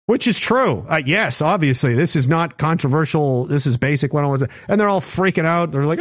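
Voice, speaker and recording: Sarcastic guy ranting at the camera, kinda high voice, muffled and dead dry. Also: animated, moderate pace, hardly any pauses, dry recording. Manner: combative, sarcastic, swings from low mutter to raised voice. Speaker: commentary show host.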